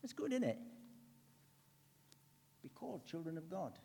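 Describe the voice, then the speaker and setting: A man preaching in an earnest, conversational way, his voice sitting a little higher than most men's. He leans hard on some words and drops to near a hush on others. A long reverb trails behind him, as in a church hall. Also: sing-song, a little slow, vocal fry, a little hiss or hum. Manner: earnest, swings between emphatic and hushed. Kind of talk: conversational sermon.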